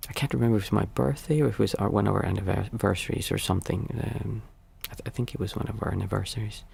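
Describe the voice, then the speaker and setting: Speaking very fast with vocal fry, this man has a lowish, slightly mellow voice and fairly even intonation, with a bit of background noise behind him. A young-adult to middle-aged meditation teacher with small kids, he teaches casually and reflectively on a livestream, groping for the right words as he goes.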